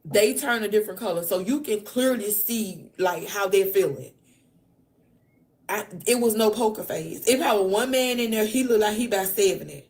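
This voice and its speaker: A woman podcast host casually retelling events in an emphatic, animated way, full of slang. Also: mid-range voice, moderate pace. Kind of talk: casual storytelling recap.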